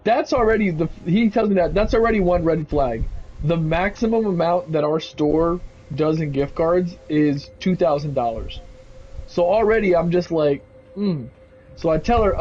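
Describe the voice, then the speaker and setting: A young man telling a rambling, animated story in a casual, swearing way while playing a game. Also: a little high, moderate pace. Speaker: gaming video host. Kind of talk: casual storytelling over gameplay. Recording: slightly muffled, faint background noise.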